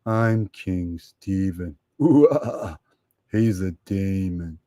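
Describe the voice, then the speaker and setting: A man putting on a low, slow, mocking voice of a gloating online streamer. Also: expressive, warm tone, no room sound, clean studio sound, exaggerated voice.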